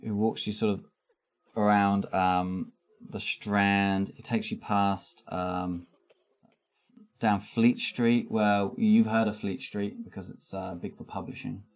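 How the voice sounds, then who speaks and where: A man narrating a tabletop game as game master, hesitant, with many pauses and ums. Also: lowish voice, level tone.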